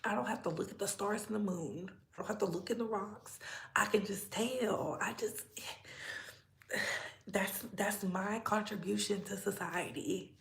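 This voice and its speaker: A woman's voice: medium pitch, measured pace, creaky, a bit bright. A young adult woman hosting a casual gossip livestream, chatty and sassy, greeting her viewers by name and laughing often. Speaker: livestream host.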